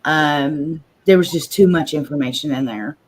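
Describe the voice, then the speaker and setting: A woman's voice: sits low, moderate pace, husky. Chatty woman host, livestream chat, a slight stutter.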